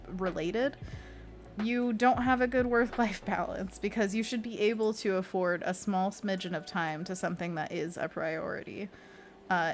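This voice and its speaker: A woman hosting a casual livestream as a freelance illustrator, reading viewer comments aloud in a chatty, playful way and laughing often. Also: medium pitch.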